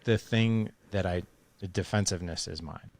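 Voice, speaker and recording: Brief: middle-aged male podcast host, low voice, loose rambling chat full of restarts. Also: moderate pace, darkish tone, no echo. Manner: rambling, restarts often, says "dude" and "like". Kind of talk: casual conversation.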